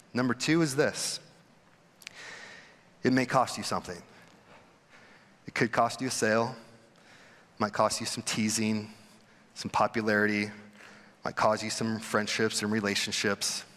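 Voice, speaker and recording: A young adult man, a pastor giving a conversational sermon, who acts out quoted people with sudden jumps in pitch. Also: fairly bright tone. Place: church sanctuary. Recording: long hall reverb.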